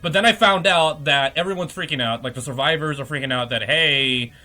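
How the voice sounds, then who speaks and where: A man's voice: a little high, fairly quick, pushed and bright, soft background music. A man hosting a podcast, giving a comedic, profane recap of a game plot and laughing often. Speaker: podcast host.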